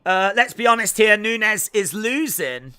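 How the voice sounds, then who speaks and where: A man's voice: sits high, animated, measured pace, pushed and bright, clear, resonant tone. An English man with a Midlands accent hosting a live watch-along stream, reading chat aloud and teasing viewers with jokes. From England. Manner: joking, teasing banter.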